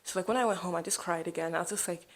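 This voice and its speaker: A young woman recounting a personal story straight to camera, rattling along at a quick clip. Her voice sits a little low for a woman, and she talks casually, with "like" in nearly every sentence. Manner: chatty, rambling, heavy use of "like". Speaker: vlogger sharing a testimony.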